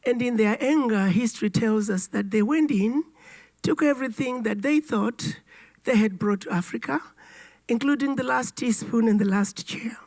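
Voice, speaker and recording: Woman, hoarse, raspy, recovering from a cold, formal speech, emphatic storytelling. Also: a little high, moderate pace, a little mellow. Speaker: ambassador giving a keynote address.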